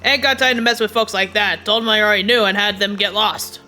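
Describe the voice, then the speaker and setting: A woman voicing a stubborn, hot-tempered old island man with a gruff folksy drawl while reading game dialogue aloud. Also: medium pitch, fairly even intonation, fast, sharp tone, faint music behind, close to an everyday voice.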